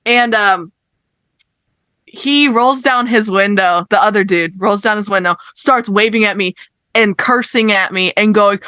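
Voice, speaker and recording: Bright-voiced young woman ranting animatedly. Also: medium pitch, a little slow, clean tone, no echo. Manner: animated, swears, rants with exasperated emphasis. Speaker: podcast co-host. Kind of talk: casual chat, storytelling.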